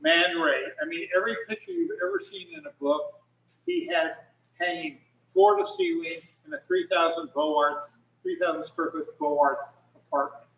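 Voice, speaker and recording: A man's voice: extremely high pitch, huge pitch swings, normal speed, vocal fry, a bit bright, far from the mic. A middle-aged man, a photographer, telling rambling stories in casual talk on a video call with many restarts. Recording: echoey room, speaker off mic.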